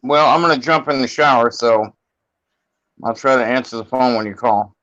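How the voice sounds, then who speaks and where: A congested man with a nagging cough, chatting on a podcast in a matter-of-fact, clipped way. His voice sits at a middle pitch. It sounds close and dry through dull, lo-fi audio. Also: moderate pace, a bit bright, dry recording. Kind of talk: casual chat.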